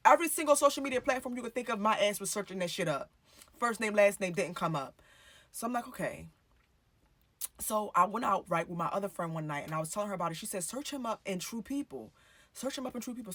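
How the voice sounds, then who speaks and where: A woman's voice: mid-range voice, a bit bright. Chatty, swearing woman telling a story. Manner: chatty, swears freely, acts out her own past dialogue. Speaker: storytime vlogger. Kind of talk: casual storytime monologue.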